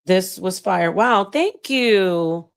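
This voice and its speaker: A woman talks through scripture on her own channel, casual and emphatic. She reads passages aloud and speaks straight to her viewers, and her voice sits at a middle pitch. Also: expressive, extremely slow, gravelly. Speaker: channel host teaching on scripture. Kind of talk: casual livestream-style teaching and commentary.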